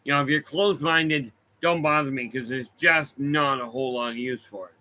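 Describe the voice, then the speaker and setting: Bright-voiced man telling rambling stories. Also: medium pitch, fairly even intonation, moderate pace, poor audio. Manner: rambling, anecdotal, self-correcting. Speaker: medium giving a talk. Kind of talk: casual storytelling talk to a room and online viewers. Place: room with a live audience.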